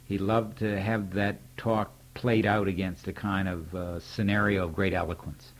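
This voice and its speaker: A man's voice: low voice, level tone, normal speed. An older man, a poet, candidly recalling a mentor in wry spoken stories, acting out old conversations. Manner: candid, wry storyteller who acts out remembered dialogue. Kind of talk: reflective spoken reminiscence.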